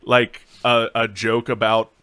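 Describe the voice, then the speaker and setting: A man's voice: medium pitch, monotone, slow pace, pushed and bright, clean tone, no echo. A man co-hosting a podcast in casual chat, agreeable and chiming in with short replies. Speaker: podcast co-host.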